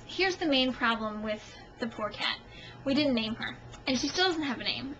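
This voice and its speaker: High-voiced young woman telling a story. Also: dull audio, slight background noise. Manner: animated and self-mocking, acting out the scenes. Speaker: vlogger. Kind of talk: casual storytelling to camera. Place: home.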